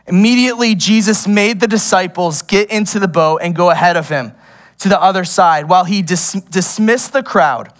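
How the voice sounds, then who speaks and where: Animated high-voiced young male preacher. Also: normal speed. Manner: animated, laughs often, goes off on tangents. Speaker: pastor. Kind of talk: sermon.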